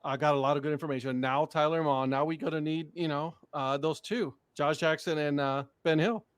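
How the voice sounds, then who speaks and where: A man's voice: fairly high pitch, steady tone, a little fast, clean tone, no echo, clean studio sound. Easygoing man from Puerto Rico. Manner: easygoing, joking, trails off. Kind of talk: casual chat.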